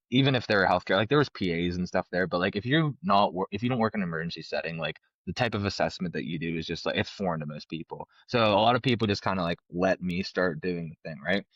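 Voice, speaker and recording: A man who hosts a podcast and works as a paramedic, chatting in a relaxed way and often asking "right?". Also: low voice, fast talker, hardly any pauses, no room sound, highs cut off. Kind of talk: casual chat.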